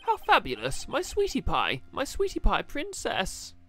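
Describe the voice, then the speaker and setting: A man's voice: very high-pitched, wildly swooping pitch, unhurried, bright, forceful tone, faint music behind, pitched above the performer's own voice, exaggerated voice. A man voicing a vain, flamboyant male magician in a video game, with a drawling theatrical delivery.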